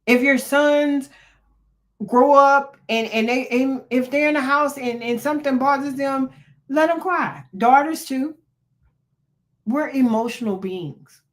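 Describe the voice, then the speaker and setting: In a high voice and at a somewhat slow pace, an older therapist hosting a podcast delivers an improvised motivational talk on mental health. She's sincere and a touch preachy, frequently saying "um" and starting sentences over.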